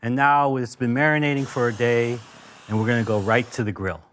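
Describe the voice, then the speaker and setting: A man's voice: medium pitch, fairly even intonation, brisk, fairly bright tone, slight background noise. An American man from Los Angeles teaching a casual cooking lesson, talkative and enthusiastic, full of asides. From Los Angeles, United States. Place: kitchen with grill.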